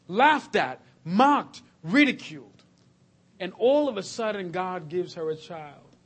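A man preaching a sermon, swinging between loud, emphatic lists and hushed, slow passages. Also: high voice.

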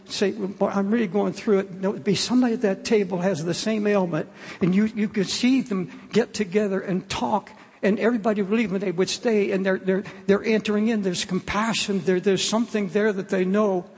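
A man's voice: sits high, gravelly, darkish tone, slightly rough. An older man preaching a sermon in an earnest, pleading way, often restarting his phrases. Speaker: pastor. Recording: long hall reverb.

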